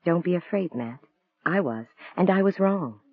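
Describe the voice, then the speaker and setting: A man reading the lines of a gentle, wistful woman novelist in a soft, earnest voice, raising his pitch for her. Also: animated, moderate pace, dry recording. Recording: dry, tinny phone-like sound.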